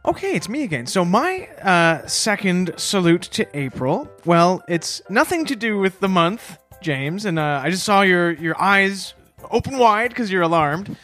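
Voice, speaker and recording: A man co-hosting a comedy podcast, delivering mock-earnest tributes with deadpan timing in casual banter. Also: high voice, measured pace, few pauses, faint music behind. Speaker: podcast co-host.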